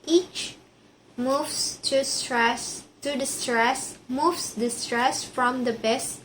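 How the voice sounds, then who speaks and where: A woman's voice: high-pitched, fairly even intonation, drawn-out words, fairly bright tone, slight background noise, poor audio. A woman reading out a class presentation, carefully repeating words to get their pronunciation right. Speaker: student presenting a project.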